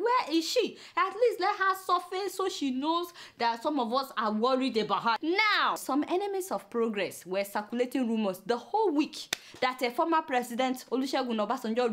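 A woman host with a Nigerian accent, giving comedic political commentary in an animated, exclamatory, mock-scolding way. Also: sits high.

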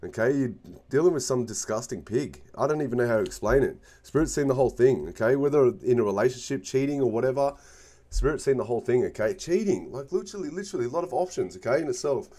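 A man's voice: mid-range voice, lively intonation, fast, dark tone. A man giving a casual tarot card reading, emphatic and constantly checking in with the listener. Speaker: tarot reader.

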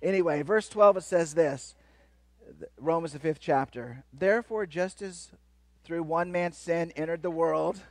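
A man giving a lively, playful sermon as a guest speaker, joking with the crowd and swinging between loud and soft. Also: fairly high pitch, a little slow, no echo. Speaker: guest speaker at a church kids' event. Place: church hall.

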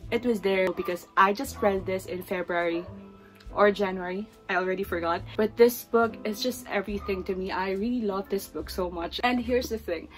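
A young Filipino woman in her twenties talks straight to the camera in a casual, gushing way, emotional and at times teary. Her pitch sits in a middle range for a woman. Soft music plays faintly behind her. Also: moderate pace, low-quality recording. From Philippines. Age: 20s. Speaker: book vlogger. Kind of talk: casual chat.

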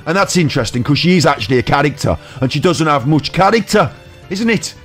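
West midlands bloke on stream, slightly high voice, rambling film recap, faint music behind. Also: male voice, animated, fast, fairly bright tone. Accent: West Midlands English. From England. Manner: rambling, jumps into silly quoted voices. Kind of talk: comic retelling of a film in his own words.

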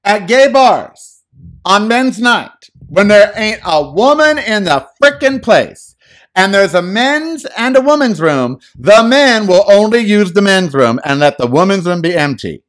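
Male podcast host, fairly high voice, animated and dramatic, casual solo monologue at a home mic. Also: measured pace. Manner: animated, theatrical, exclamatory. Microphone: studio microphone.

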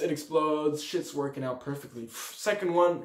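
A man's voice: on the high side, unhurried, roomy sound. A young man casually telling a party story, full of slang and acted-out quotes. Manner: slangy, animated, acts out quotes. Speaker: storyteller vlogger.

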